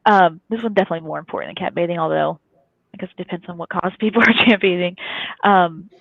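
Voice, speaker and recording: A woman from Kentucky, telling a story in a lively, chatty way as a guest on a live talk show. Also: lowish voice, quick pace, vocal fry, no echo. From Kentucky, USA. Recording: dry, phone-like thin audio.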